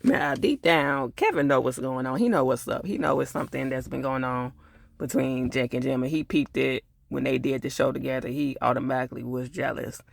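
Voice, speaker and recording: In a gravelly, medium-pitched voice, a man reviewing a TV episode recounts it fairly quickly and casually, with lots of loose filler asides. The recording is dry.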